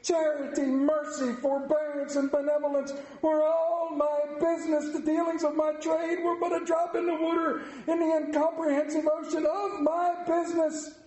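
A man voicing the tormented male ghost of a dead businessman bound in chains, speaking gravely and declaiming. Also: very high-pitched, level tone, normal speed, few pauses, a little mellow, reverberant, pitched above the performer's own voice, low-quality recording. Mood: impassioned.

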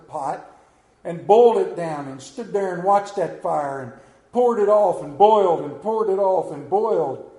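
Folksy Appalachian preacher, high voice. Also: male voice, warm tone. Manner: folksy, joking storyteller who questions the congregation. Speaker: pastor. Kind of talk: sermon. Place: church sanctuary. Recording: roomy echo of a church hall.

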